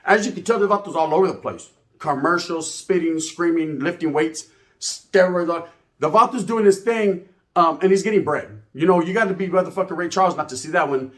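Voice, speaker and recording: A man's voice: fairly high pitch, brisk. A man, telling a story as ranting commentary, full of profane street slang and Spanish words. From California. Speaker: channel host.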